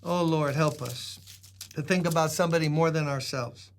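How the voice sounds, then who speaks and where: A man's voice: a little high, normal speed, slight background noise. An older man with a New York accent preaching a sermon, joking casually with the congregation before reading scripture with rising emphasis. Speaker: pastor.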